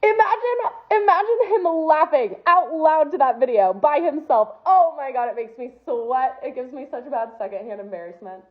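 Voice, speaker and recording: A young woman rants about her dates with exasperated disbelief, her voice rising and falling in lively swings. Her pitch sits a bit high. The sound is thin and tinny, like a phone line. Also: normal speed, hardly any pauses. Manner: exasperated, incredulous, animated. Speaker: comedic storyteller. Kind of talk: comedic rant to camera.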